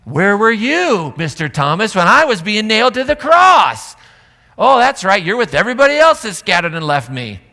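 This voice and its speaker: A wounded disciple throws sarcastic accusations at an absent friend, as a preacher puts him on. The voice sits fairly high and swings widely in pitch. It echoes through a big reverberant church hall. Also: male voice, big pitch swings, moderate pace, a bit bright. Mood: bitter, accusing. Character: resentful wounded male disciple, bitter.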